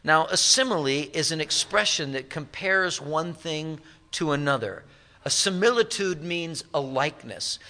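Pastor, male, sermon delivery, bright tone, slightly higher voice, emphatic slow stresses.

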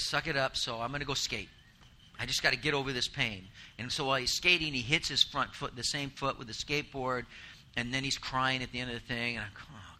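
Bright-voiced middle-aged male pastor preaching. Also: medium pitch, slight background noise. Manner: conversational storytelling with self-deprecating humor. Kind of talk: sermon.

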